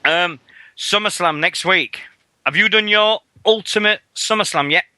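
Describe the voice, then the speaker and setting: A man's voice: sits high, a little slow. A man co-hosting a radio show, chatting casually and swearing a lot. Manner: rowdy, animated, acts out loud mocking voices in quotes.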